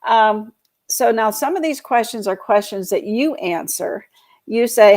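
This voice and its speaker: A woman from Georgia in the US South hosts a casual live show about real estate. Her voice is fairly high and expressive with a darkish tone at normal speed, and her live-stream talk is chatty and rambling, full of fillers and laughter.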